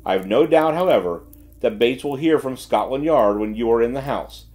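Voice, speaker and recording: A man's voice: mid-range voice, normal speed, a little mellow, close to an everyday voice. A man voicing a sarcastic, stern detective chief giving orders in a dry, businesslike way.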